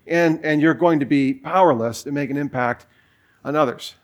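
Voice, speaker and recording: Forties male pastor, loose storytelling sermon delivery, slightly high voice. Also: moderate pace. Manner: casual storytelling with many fillers.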